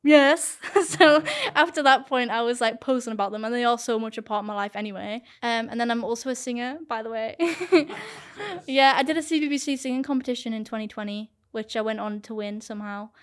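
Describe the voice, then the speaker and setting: A woman's voice: fairly high pitch, steady tone, fast, hardly any pauses, clear, resonant tone. A young woman talking casually as an interview guest, chatty and earnest with lots of "like". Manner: chatty, heavy use of "like", earnest. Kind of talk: casual talk to camera.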